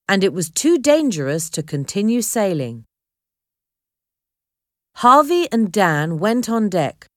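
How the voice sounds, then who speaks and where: Brief: woman narrator reading an adventure chapter, unhurried and expressive, dry close mic. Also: lowish voice, dry recording. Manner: clear, measured reading of a graded reader. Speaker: audiobook narrator. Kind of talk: scripted storybook narration.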